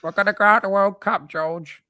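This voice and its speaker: A man doing an impression of a squeaky, panicky male puppet creature, wailing in a whiny high voice. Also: fairly even intonation, moderate pace, bright, forceful tone.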